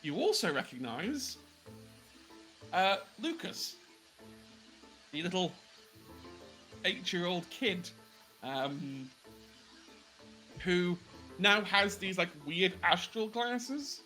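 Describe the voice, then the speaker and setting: A man narrating a tabletop game as game master. He describes scenes at an unhurried pace and uses plenty of fillers. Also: high voice, sing-song, bright, forceful tone, soft background music, rough recording.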